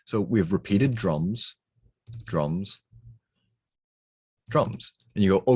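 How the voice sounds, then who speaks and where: A man's voice: deep voice, animated, extremely slow, long pauses, mellow, breathy edge. A man explaining editing techniques on a novel's text, thinking aloud in a methodical way. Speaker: book reviewer.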